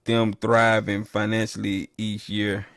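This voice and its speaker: A man hosts a casual livestream, reading the chat and playfully trash-talking rival teams with loud, animated bursts. His voice is on the low side and slow, and the studio-quality recording sounds dry.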